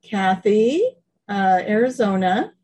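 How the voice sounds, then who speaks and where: A woman's voice: medium pitch, takes it slowly, darkish tone, rough recording. A woman co-hosting a casual online show from her bedroom, chatty and laughing, often sidetracked by tech trouble. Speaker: co-host. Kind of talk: casual video-call chat.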